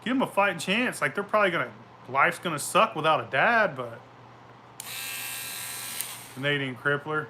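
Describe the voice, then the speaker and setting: A brash, foul-mouthed man spins loose stories, breaking into laughter as he goes. His voice sits a little high and rings bright and forceful. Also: animated, normal speed, pauses often, a little hiss or hum. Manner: profane, boisterous, laughs often. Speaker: show host. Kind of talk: casual rambling storytelling.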